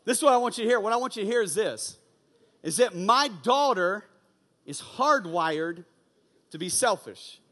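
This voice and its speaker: A young man giving an energetic, conversational youth sermon and often asking "you know what I'm saying". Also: high-pitched, moderate pace. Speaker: youth pastor. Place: large church auditorium. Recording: long hall reverb.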